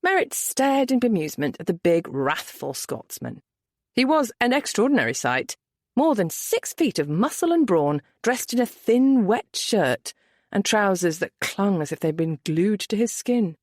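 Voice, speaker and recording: A woman narrating a romance novel audiobook with an expressive storytelling lilt. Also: mid-range voice, unhurried, no echo, studio quality.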